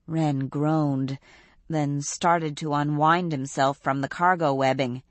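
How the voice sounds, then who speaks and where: A woman narrating an audiobook in a steady, measured reading on a close studio mic. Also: low-pitched, no echo. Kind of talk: scripted narration.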